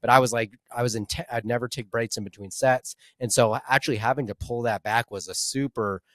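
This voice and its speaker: A man appearing as a guest on a health podcast, talking in a relaxed, conversational way with restarts and "like" fillers. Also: mid-range voice, a little fast, no room sound, clean studio sound. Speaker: podcast guest and nutrition practitioner.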